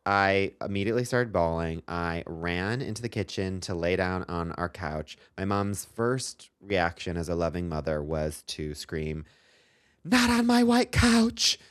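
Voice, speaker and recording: A man with a low, smooth, resonant voice co-hosts a comedic podcast. He tells a story in a rambling, self-mocking way, full of ums and asides. The close mic sounds dry and intimate. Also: measured pace, hardly any pauses, no room sound. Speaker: podcast co-host.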